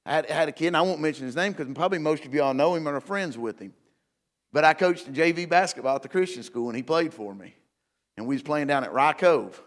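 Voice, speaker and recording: A man's voice: fairly high pitch, big-room sound. A man preaching a conversational midweek church sermon, folksy and building to emphatic declarations. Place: church sanctuary.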